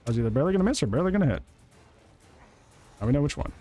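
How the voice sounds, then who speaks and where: Playing a video game on his YouTube channel, a man offers jokey live commentary, addressing the on-screen players and frequently laughing and cursing. His medium-pitched voice is warm and very animated, racing along.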